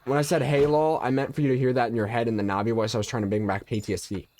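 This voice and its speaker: Male game streamer, congested and nasal, mid-pitched, casual and jokey, muttering asides to chat. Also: steady tone, racing, a little mellow. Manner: chatty, loose and joking, muttering asides. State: stuffy and nasal from allergies. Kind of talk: casual live-stream chat, answering viewers.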